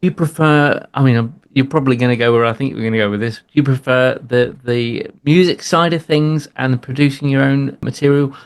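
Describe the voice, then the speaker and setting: A man co-hosting an interview, asking long rambling questions with restarts and offering quick affirmations. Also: medium pitch, clear, resonant tone. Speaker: co-host. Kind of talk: casual interview chat.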